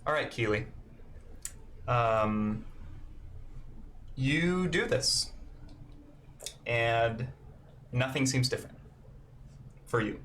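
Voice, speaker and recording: Brief: male game master, mid pitch, relaxed and halting narration. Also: slight background noise.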